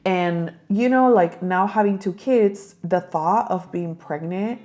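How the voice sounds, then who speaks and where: A young woman vlogger talks to her viewers in a casual, chatty way, full of "like" and "girl" and with a Spanish phrase now and then. Her voice sits a little low and sounds warm and mellow. She tells her story straight to the camera. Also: slow. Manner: chatty, addresses viewers as girl and you guys, many likes.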